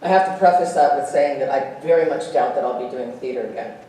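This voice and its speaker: An actress speaking at a convention panel, animated and quick to laugh as she tells stories and acts out voices. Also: very deep voice. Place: convention hall stage. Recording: echoey hall, distant, faint hiss.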